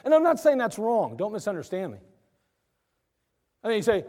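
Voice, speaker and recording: A man's voice: sits high, wildly swooping pitch, a little fast, darkish tone, big-room sound. A male pastor preaching a sermon in an emphatic, conversational way, acting out his listeners' objections. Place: church.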